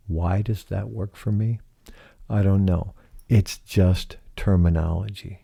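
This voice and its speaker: Male podcast host, solo reflective monologue; deep, gravelly, soft-spoken, questioning. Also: fairly even intonation. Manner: slow, soft-spoken, asks many rhetorical questions.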